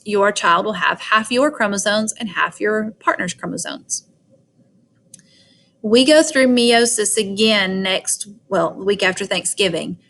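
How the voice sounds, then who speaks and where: A woman with a Southern twang walks students through a lesson at a mid-range pitch. Her delivery is informal and chatty, and she keeps punctuating her explanations with "all right" and "okay.". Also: fairly bright tone. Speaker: teacher. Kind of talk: recorded biology lecture.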